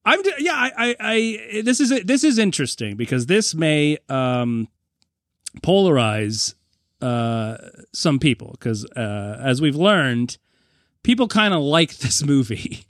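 Man, podcast co-host, rambling, laughs a lot, slightly high, lively pitch. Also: slow pace, dry recording, clean studio sound. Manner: rambling, restarts, laughs often. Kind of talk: casual chat.

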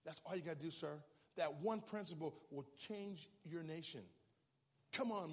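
A man preaching to a church congregation, his voice sitting a little high. He is impassioned and swings from hushed, close talk to loud, rising shouts. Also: normal speed, big-room sound. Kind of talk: sermon.

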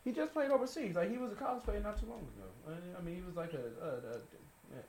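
A young man from Sacramento co-hosting a sports podcast, talking in an animated, laughing way with many restarts. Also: sits high, quick pace, slightly rough. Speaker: podcast co-host. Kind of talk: casual sports chat.

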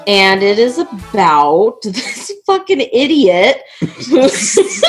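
Excitable laughing woman chatting. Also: on the high side, unhurried, breathy edge, soft background music. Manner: excitable, swearing, laughs a lot. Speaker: podcast panelist. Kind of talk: casual group chat.

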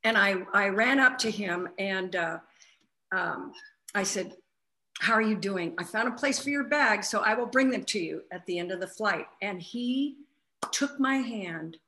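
Bright-voiced woman telling a story. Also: mid-range voice, normal speed. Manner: animated retelling, acts out quotes. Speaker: flight attendant, guest. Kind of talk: casual spiritual conversation, storytelling.

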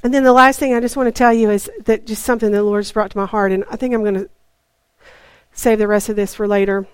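A woman's voice: mid-range voice, level tone, quick pace, smooth, dry recording. A woman preaching in a chatty storytelling way, acting out her talks with God. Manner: chatty, acts out dialogue with God. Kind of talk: storytelling sermon.

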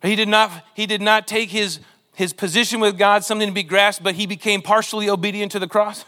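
A man preaching a sermon in a church, animated and acting out quoted lines in different voices. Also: high voice, a little fast. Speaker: pastor.

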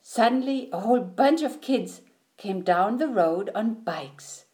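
Slow, lively woman reading a picture book. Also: a little high. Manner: expressive, sing-song storytelling. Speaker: storybook reader.

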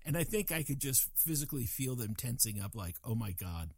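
Older man rambling through a lively anecdote. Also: mid-range voice, fairly quick, breathy edge, no echo, studio quality. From Colorado, USA. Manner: rambling, self-deprecating, acts out quoted voices. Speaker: storyteller. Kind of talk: casual spoken anecdote.

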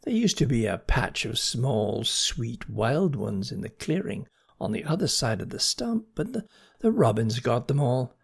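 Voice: mid-range voice, big pitch swings, unhurried, gravelly, breathy edge, exaggerated voice. A storyteller voicing a stern, suspicious female snail in a children's story. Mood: excited. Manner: suspicious, scolding. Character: stern fussy female purple-banded snail.

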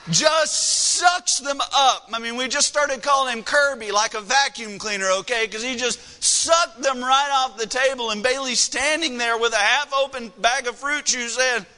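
High bright-voiced man preaching in reverberant hall. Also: moderate pace, hardly any pauses. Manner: storytelling, conversational with frequent fillers. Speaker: pastor. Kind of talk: sermon. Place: church sanctuary. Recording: long reverb of a large hall.

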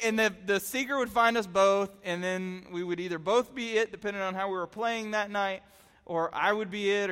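A man preaching to young people, telling stories in a chatty, excitable way full of filler words. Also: high voice, clear, resonant tone. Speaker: youth pastor. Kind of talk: animated youth sermon storytelling. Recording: long reverb in a hall.

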